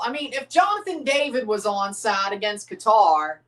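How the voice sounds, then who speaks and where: A man with a fairly high voice talks loosely through a live match watchalong. He answers his chat, circles back to the same points and repeats himself, and he sits a little back from the mic. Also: big pitch swings, moderate pace, a bit bright, recorded from a distance. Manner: chatty, repeats phrases, answers chat viewers. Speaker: livestream host reacting to a match. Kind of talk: casual live watchalong commentary.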